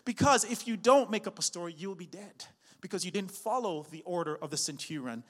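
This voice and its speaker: Pastor guy preaching, high voice, long echo in the hall, gets loud then chatty. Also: animated, a little fast. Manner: builds to loud, rising preaching with repeated refrains; slips into chatty storytelling with fillers and restarts. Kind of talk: sermon.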